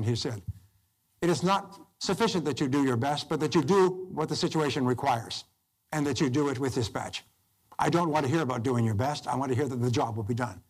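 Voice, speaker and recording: An older man giving a self-help course lecture, emphatic and acting out quoted dialogue. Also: mid-range voice. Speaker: motivational speaker.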